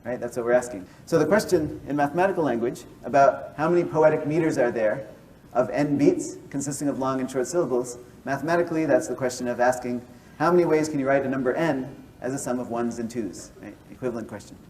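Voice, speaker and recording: A man's voice: mid-range voice, fast, a little mellow, far from the mic, slight background noise, poor audio. A man who is a mathematician explaining ideas step by step, often checking in with his listeners. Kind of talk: explanatory lecture and interview.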